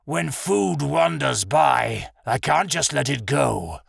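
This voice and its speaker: A man's voice: mid-range voice, lively intonation, takes it slowly, exaggerated voice. A man voicing a starving, menacing male bear in a fantasy audiobook. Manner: menacing, gravelly.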